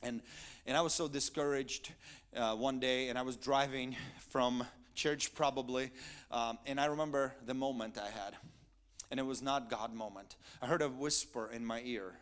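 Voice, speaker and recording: A male pastor preaching a sermon, swinging from quiet asides to loud, emphatic peaks. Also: medium pitch, normal speed.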